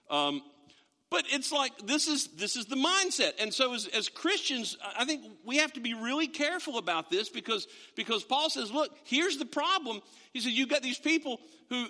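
A man preaching a sermon to a congregation, animated and acting out the imagined voices of other people as he talks. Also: very high-pitched, big-room sound. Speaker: pastor.

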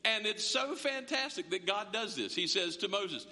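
Pastor guy preaching, joking around, high-ish voice, long echo in the church. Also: normal speed. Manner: conversational, humorous, animated storytelling. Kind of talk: sermon. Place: church sanctuary. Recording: long echo of a large hall.

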